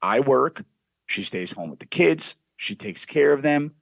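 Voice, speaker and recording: A man's voice: mid-range voice, animated, measured pace, gravelly, a bit bright, dry recording. A man telling a brash, profane story as a guest on a casual podcast.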